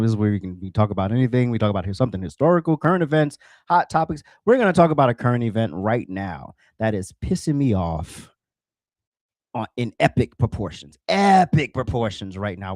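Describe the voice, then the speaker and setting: A fired-up man hosts his own show and rants about politics, hammering his points home by repeating them. His pitch leaps up and down as he works himself up. The sound is close and dry, with no room around it. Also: a little mellow, dry recording. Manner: fired-up, emphatic, repeats phrases for punch. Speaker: podcast host. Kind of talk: solo political rant.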